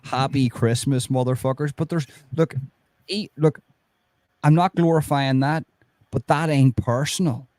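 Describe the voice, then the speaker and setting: A man's voice: fairly high pitch, unhurried, long pauses, darkish tone, dry recording. A man chatting heatedly about true crime, swearing often and restarting his sentences. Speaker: podcast co-host. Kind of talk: casual true-crime chat.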